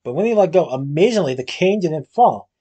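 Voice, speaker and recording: A man reads a storybook aloud in a steady, even manner, now and then going back over a word. His voice sits a little high for a man and has a husky grain. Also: fairly quick. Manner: steady reading with occasional restarts. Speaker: storybook reader.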